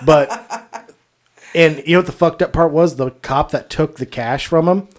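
A man's voice: fairly high pitch, normal speed, a crowd in the background. A man co-hosting a casual podcast, telling profane stories and laughing often. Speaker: podcast co-host. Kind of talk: casual storytelling chat.

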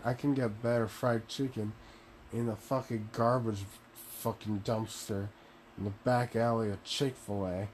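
A man's voice: medium pitch, steady tone, moderate pace, darkish tone, slight background noise. A young man at home giving casual, profane commentary, ranting with laughs and exasperation. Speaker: video commentator. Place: home room.

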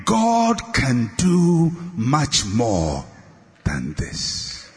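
A man preaching a sermon with passion, climbing to shouts and sinking low on his repeated refrains. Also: wildly swooping pitch, very slow, soft background music. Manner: impassioned, rising to shouts and dropping low on refrains. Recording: long hall reverb.

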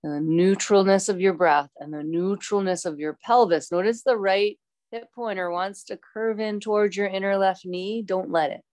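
A woman teaching a yoga class, calmly cueing poses and breaths with chatty asides. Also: mid-range voice, moderate pace, no echo. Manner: calm, instructive, chatty asides.

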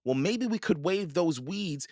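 A man's voice: unhurried, dry recording, studio quality. A man doing a cheerful bold little girl. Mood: eager. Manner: bright, excited, high girlish voice.

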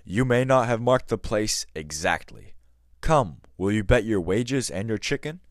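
In a storybook reading, a man puts on a boastful, scheming boatmaster. He talks in a raised, blustering voice pitched above the narrator's own deep, dry one. He flares into outrage easily. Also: expressive, dry recording. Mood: taunting. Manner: loud, blustering, quick to outrage.

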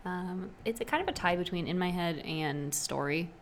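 A woman's voice: on the low side, normal speed, a little hiss or hum. A young woman co-hosting a podcast, talking casually about music with frequent ums. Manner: relaxed, hesitant with many ums. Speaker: podcast co-host. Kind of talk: casual chat.

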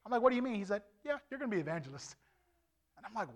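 A middle-aged man preaching his testimony as an evangelist, animated and swinging from loud to hushed. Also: high-pitched, rapid-fire. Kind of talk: testimony sermon.

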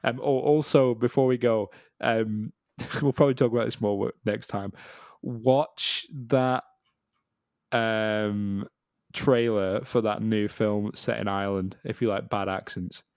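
A man's voice: lowish voice, a little slow, no echo, clean studio sound. A man co-hosting a podcast in casual chat, telling stories with lots of laughter and the odd curse. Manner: laughing, swearing, animated storytelling. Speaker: podcast co-host.

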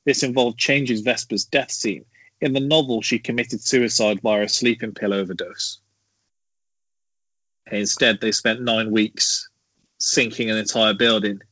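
A man reading out trivia in a casual podcast chat, with a measured delivery and hesitant fillers. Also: fairly low pitch, steady tone, pushed and bright, dry recording. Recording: dry, dull lo-fi sound.

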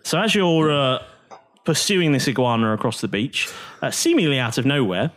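A man's voice: mid-range voice, expressive, moderate pace, fairly bright tone. A man narrating a tabletop game as game master, playful and often laughing.

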